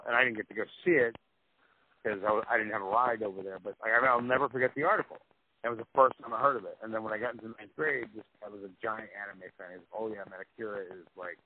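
A man's voice: lowish voice, breathy edge. A middle-aged man from Florida telling long, rambling, profane stories in casual chat. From Tampa, Florida. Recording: phone-like audio with faint noise.

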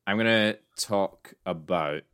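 A man's voice: low-pitched, slow, fairly bright tone, clean tone. A man, co-hosting a podcast and telling a history story in a casual, jokey way with plenty of ums. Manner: jokey, laughs between facts, many ums. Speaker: podcast co-host.

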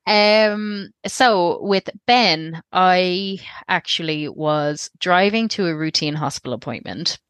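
A woman's voice: lowish voice, slow pace, hardly any pauses, fairly bright tone, clear, resonant tone, no room sound. An Irish woman in her thirties, a guest telling a personal story in a candid, rambling way that often interrupts itself.

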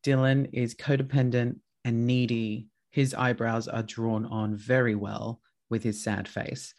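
A man's voice: medium pitch, unhurried. Chatty man telling dog stories. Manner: chatty, swears freely, tells animated stories. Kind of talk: casual chat.

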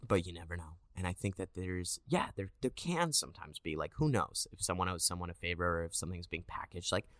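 A man's voice: a little fast, hardly any pauses, no echo, studio quality. A man in his thirties, an actor, chatting casually in an interview and acting out quotes as he tells stories. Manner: animated storyteller, acts out quotes in a higher voice. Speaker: actor guest.

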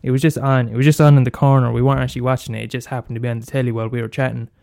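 A man's voice: mid-range voice, level tone, racing, gravelly, mellow, no echo, studio quality. An Irish man hosting a solo comedy podcast, blunt and sweary, mocking himself and repeating lines for effect. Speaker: podcast host.

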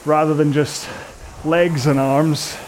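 A man's voice: on the high side, level tone, slow pace, slight background noise. Rambling, self-mocking British man coaching. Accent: British English. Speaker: rowing coach. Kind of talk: chatty coaching while rowing. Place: indoors at a rowing machine.

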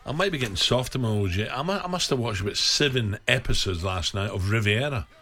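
Bright, teasing male radio host. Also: medium pitch, lively intonation. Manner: teasing and quick-fire with questions. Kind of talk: casual radio interview.

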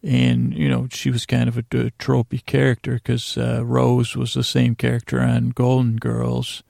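A man with a deeply gravelly, fry-heavy voice rambles through a drowsy, self-deprecating recap in an almost monotone delivery. Recorded close and bone-dry, with no room around him. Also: unhurried, no room sound. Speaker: podcast host. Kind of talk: casual rambling recap for sleep.

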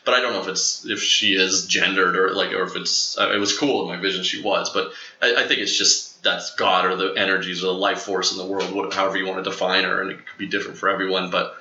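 A young man with a very bright, lowish voice recounts a long experience in casual conversation. He rambles, leans on fillers, and jumps into a higher voice when quoting people. The sound is roomy and a little dull. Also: fast talker. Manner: rambling, animated, acts out quotes in a higher voice. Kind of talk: casual storytelling.

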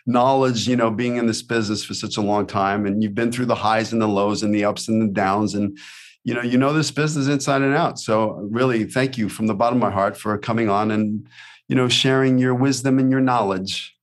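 A man's voice: fairly low pitch, steady tone, fairly quick. A man hosting a casual podcast interview. He talks in an upbeat, encouraging, coach-like way, full of motivational advice. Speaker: podcast host.

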